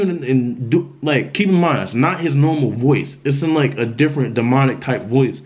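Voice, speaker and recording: A young man vlogging, retelling a frightening personal story in an animated, emphatic way with lots of slang. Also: medium pitch, moderate pace, hardly any pauses, dull audio. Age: young adult. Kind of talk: storytime vlog.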